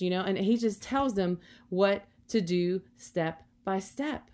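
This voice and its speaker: A woman delivers a sermon in a mid-pitched voice. She speaks earnestly and encouragingly, slipping in "you know" often as she builds her points. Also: slow, few pauses, darkish tone. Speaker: preacher.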